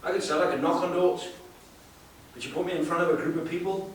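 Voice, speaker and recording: A South African sales trainer gives a live seminar talk in an echoey hall, speaking emphatically, repeating words, and asking the audience rhetorical questions. His voice is on the high side and fast, picked up far from the mic with faint hiss.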